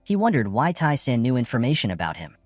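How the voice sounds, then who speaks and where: A male narrator reads a comic recap with a very animated, bouncing delivery. The sound is dry and close to the mic, with faint music playing underneath. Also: quick pace, no room sound. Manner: lively, jumps pitch for quoted lines.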